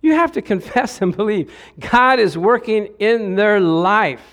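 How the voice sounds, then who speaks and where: With a voice that sits high and a measured pace, this middle-aged pastor preaches energetically. He acts out quoted lines in various voices and chuckles along the way.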